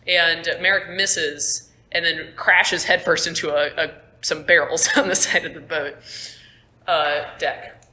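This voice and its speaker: A woman's voice: sits low, fairly even intonation, unhurried, sharp tone. A young woman running a tabletop game as game master, narrating casually with lots of fillers. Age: young adult. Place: school room. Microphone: phone on table. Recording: echoey room, phone mic.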